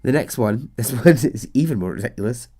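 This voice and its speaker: Mellow-voiced man telling a story. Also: medium pitch, lively intonation, brisk, slightly rough. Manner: chatty, swears, laughs at absurd details. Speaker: podcast host and storyteller. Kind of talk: casual storytelling narration.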